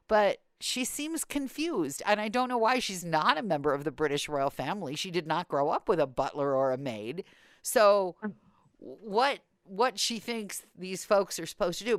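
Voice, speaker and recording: A woman's voice: fairly low pitch, no room sound, clean studio sound. A woman hosting a podcast in casual chat, telling wry stories and acting out quotes. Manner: wry, storytelling with acted-out quotes. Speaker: podcast host.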